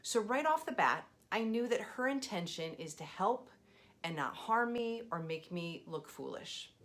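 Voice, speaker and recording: A woman leadership coach hosting a scripted video lesson, telling a personal story in an expressive, clear and measured way. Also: mid-range voice.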